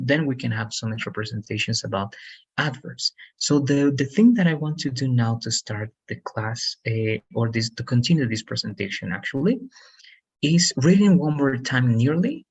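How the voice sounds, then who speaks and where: A man's voice: mid-range voice, expressive, normal speed, slightly rough, dull audio. A man teaching an English lesson, explaining grammar patiently and repeating himself, checking in with "all right" and "okay". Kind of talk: one-on-one online lesson.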